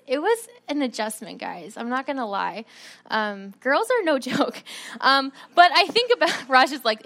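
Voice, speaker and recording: A woman giving a sermon, telling a personal story in a chatty, animated way. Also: sits high, unhurried. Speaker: preacher.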